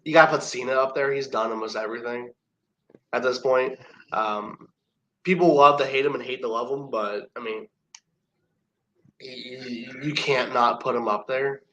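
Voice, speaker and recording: Brief: male wrestler guest, bright forward tone, loose rambling storyteller with plenty of restarts. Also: mid-range voice, moderate pace, long pauses, lo-fi sound, a little hiss or hum. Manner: rambling, laughs between stories, many restarts. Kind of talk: casual storytelling chat.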